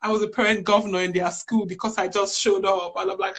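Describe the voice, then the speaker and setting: A charity chief executive in her fifties, appearing as a guest in a conversational interview, tells stories earnestly and drifts into digressions. She talks fast with barely any pauses, her mid-range voice keeping a level tone, while background noise can be heard.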